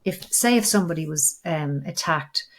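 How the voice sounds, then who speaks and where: Low gravelly woman, earnest storyteller. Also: moderate pace, a little hiss or hum. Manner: earnest, animated storytelling, acts out dialogue. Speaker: podcast host, regression practitioner. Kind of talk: conversational interview.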